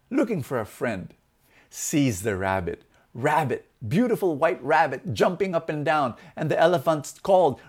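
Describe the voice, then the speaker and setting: Animated, expressive motivational speaker, a man. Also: medium pitch. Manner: animated, shifts from loud to soft. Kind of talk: motivational talk with storytelling.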